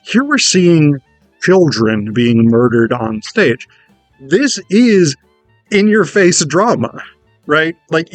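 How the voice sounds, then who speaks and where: A man giving a casual, animated lecture on theatre, chatty and casually profane. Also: fairly high pitch. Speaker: theatre educator.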